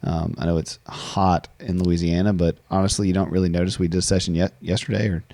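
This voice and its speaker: A man's voice: deep voice, steady tone, quick pace, gravelly, mellow, no echo. A man hosting a conversational interview, reflective and often repeating words as he thinks. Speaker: podcast host.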